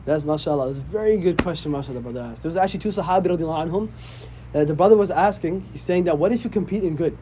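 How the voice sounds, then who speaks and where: A man's voice: fairly high pitch, very fast, noisy background. A man, an imam, teaching a casual religious class, often checking in with "right?". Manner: conversational, often asks "right?".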